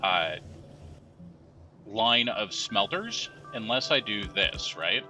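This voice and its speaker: A man's voice: lowish voice, very animated, takes it slowly, highs cut off, over music. A man telling rambling anecdotes with laughs while giving casual gameplay commentary. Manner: rambling, chatty storytelling with laughs. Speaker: gameplay streamer.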